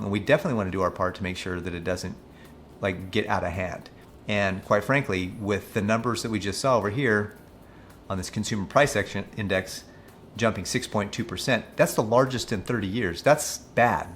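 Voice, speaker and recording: Give me a lowish male voice, skeptical and chatty. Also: brisk, a bit bright, slight background noise. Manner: skeptical, conversational, reads figures aloud; mocking when quoting officials. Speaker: financial coach. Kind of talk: casual commentary on news articles.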